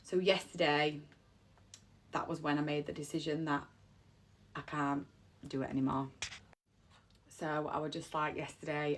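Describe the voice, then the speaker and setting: In a low, flat voice, a woman speaks a little slowly, leaving long pauses, with slight background noise in the recording. She's an emotional mother of three recounting a personal story near tears, heartfelt and rambling, repeating herself.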